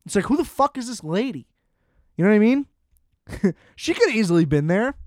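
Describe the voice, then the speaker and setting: A man's voice: high-pitched, sing-song, a little fast, no room sound, studio quality. A young man hosting a solo podcast, ranting in a casual, profane, exasperated way and leaning on filler words. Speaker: podcast host.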